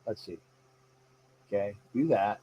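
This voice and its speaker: With a low, dark, slightly rough voice, a man rambles through a casual live sports stream, reading out viewer comments at a measured pace. Fillers and restarts come up often. The audio sounds like the highs have been cut off.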